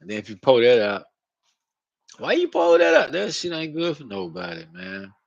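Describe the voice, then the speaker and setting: A man's voice: medium pitch, sing-song, normal speed, gravelly, no echo, muffled recording. A man talking casually into his own vlog, rambling and profane, often asking "you know what I mean". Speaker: channel host. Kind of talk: casual spiritual vlog monologue.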